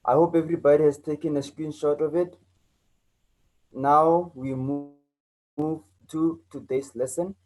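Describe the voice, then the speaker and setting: A man's voice: on the high side, steady tone, measured pace, a little mellow, faint music behind, rough recording. A South African man teaching an online English lesson, repeating key points and checking in with his learners.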